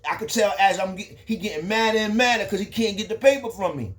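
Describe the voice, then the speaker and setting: A young man spins a street story in loose, slangy talk that circles back and restarts often. His voice sits a little high for a man. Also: fast talker, a bit bright. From the Bronx, New York.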